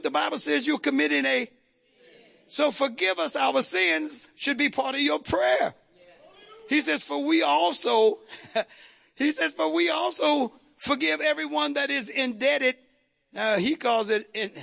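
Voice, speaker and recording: High gravelly-voiced preacher. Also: male voice, fairly even intonation, a little slow. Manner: call-and-response preaching, shouting at peaks. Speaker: pastor. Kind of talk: sermon. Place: church sanctuary.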